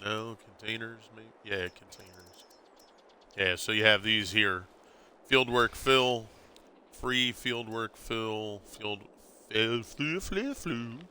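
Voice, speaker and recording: A middle-aged man chatting casually on a gameplay stream, telling stories in a lively way. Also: on the low side, takes it slowly, slight background noise. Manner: animated storyteller, acts out quotes with laughs.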